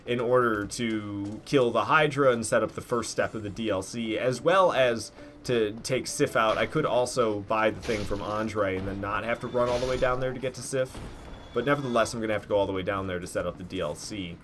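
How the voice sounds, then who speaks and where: Low-voiced man streaming gameplay. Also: brisk, fairly bright tone, a little hiss or hum. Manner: rambling, self-critical, swears when frustrated. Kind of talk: live gameplay commentary.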